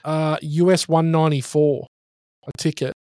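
Co-host, reads headlines in a casual chat, slightly high voice, dry close recording. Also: male voice, level tone, moderate pace, darkish tone, dry recording. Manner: reads out news items, short replies. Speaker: podcast co-host.

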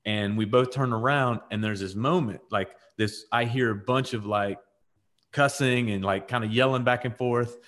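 A man's voice: medium pitch, normal speed. A man co-hosting a casual faith podcast, telling a story with lots of "like" and "right?" and acting out the voices of the people in it. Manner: animated storyteller, acts out quoted voices, frequent "like" and "right?". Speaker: podcast co-host.

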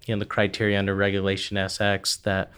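A man's voice: on the low side, completely flat delivery, quick pace, a bit bright, clean tone. A man on a podcast methodically listing technical accounting requirements, with frequent "right" and "um". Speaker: accounting expert guest. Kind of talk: explanatory podcast discussion.

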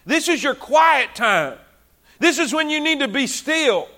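A male preacher delivers a fervent sermon in a high, bright voice. He talks conversationally and repeats phrases to drive his points home. His delivery is loose, with frequent restarts as he gathers momentum. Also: expressive, unhurried.

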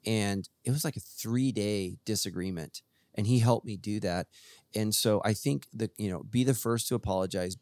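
A man with a fairly low voice chats casually as a podcast co-host and pastor. He jokes at his own expense and restarts his sentences often. The mic is close and dry. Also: normal speed, no room sound. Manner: animated, joking, self-deprecating with many restarts. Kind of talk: casual chat.

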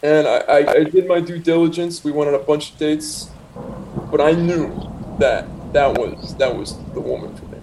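A man's voice: a little high, normal speed, noisy background. A young man casually telling a personal anecdote, rambling with restarts and asides and quoting himself and others. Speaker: storyteller.

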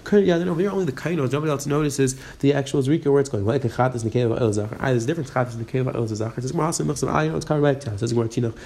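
A man teaching a Talmud page, quickly reading the Aramaic and explaining it in English. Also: medium pitch, a little mellow, breathy edge. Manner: rapid, mixing Aramaic and English. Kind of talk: fast daf yomi lesson.

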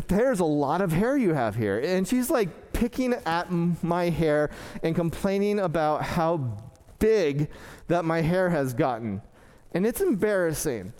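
A man's voice: high voice, a little mellow. A man preaching a sermon, telling a funny personal story with a self-deprecating manner and stammering restarts. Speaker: pastor. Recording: long hall reverb.

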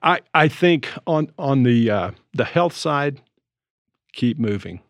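A man in his seventies telling stories in a relaxed, reflective conversation as co-host. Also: mid-range voice, slow, no echo. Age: 70s. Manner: storytelling, reflective. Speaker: podcast co-host. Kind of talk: casual conversation. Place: Colorado.

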